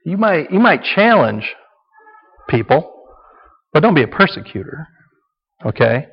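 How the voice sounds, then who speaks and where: A man's voice: a little high, very animated, unhurried, vocal fry, breathy edge. A man teaching a sermon in a conversational, folksy way, often checking in with "okay?". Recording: dull lo-fi sound with long hall reverb.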